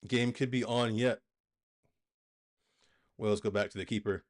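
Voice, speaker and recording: A man with a fairly low voice hosts a live football watch-along. He calls the action play by play, with excitable bursts when an attack builds. Between plays he chats loosely to his viewers and reads out the match stats. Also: a little slow.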